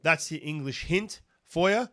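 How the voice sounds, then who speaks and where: A man with an Australian accent hosting a casual podcast interview in a studio, chatty and quick to laugh. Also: on the high side, expressive, a bit bright, dry recording. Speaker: podcast host.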